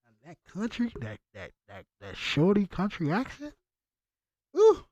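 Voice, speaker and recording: Brief: high-voiced streamer guy, talks with viewers in loose slang, very animated. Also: measured pace, no echo. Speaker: reaction streamer. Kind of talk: casual reaction chat.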